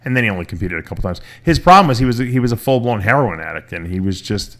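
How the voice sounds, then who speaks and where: A man's voice: lowish voice, lively intonation, quick pace, a bit bright. A man hosting a casual talk show, telling a long story with restarts and quoted voices. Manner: rambling, retells stories with quoted voices, many restarts. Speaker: podcast host.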